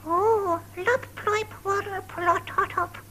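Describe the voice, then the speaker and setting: A man voicing a squeaky tiny flowerpot man who babbles gibberish with giggles for a 1950s children's puppet show. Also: steady tone, takes it slowly, pushed and bright, a little hiss or hum, exaggerated voice. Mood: playful. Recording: dull lo-fi 1950s television recording.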